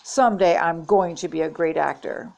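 A woman's voice: on the low side, normal speed, vocal fry, darkish tone. An older woman voicing a schoolboy who fancies himself an actor in a children's storybook, earnest and self-important.

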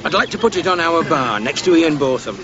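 An actor playing a chatty, tactless pub landlord quizzing tourists in a television drama. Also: male voice, fairly high pitch, animated, a little fast, lo-fi sound, a crowd in the background, natural voice.

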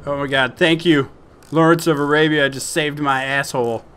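A young man giving casual, profane, joking commentary over his video game play, flipping between excited shouts and laid-back chatter. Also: fairly high pitch, moderate pace, clear, resonant tone. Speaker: gameplay commentator.

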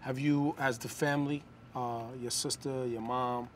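A man's voice: medium pitch, level tone, a little slow, a little hiss or hum. A man hosting a casual interview, asking questions in a laid-back, slangy way. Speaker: interviewer, music show host.

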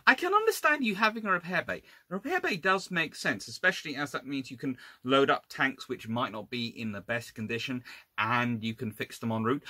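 Male historian lecturing casually, lively swooping pitch, wry exasperated asides, restarts. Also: brisk, no room sound. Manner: restarts and self-corrections. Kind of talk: informal illustrated lecture.

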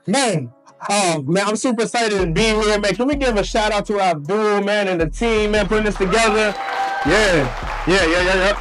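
A man's voice: sits high, moderate pace, a bit bright, soft background music. A man speaking to a live audience at a hotel event, hyping the crowd with call-and-response. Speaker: motivational speaker. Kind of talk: energetic stage talk.

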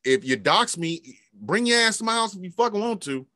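A man's voice: sits high, a little fast, dry recording, studio quality. A man hosting a podcast in casual, profane, emphatic chat. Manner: profane, emphatic, animated storytelling. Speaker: podcast host.

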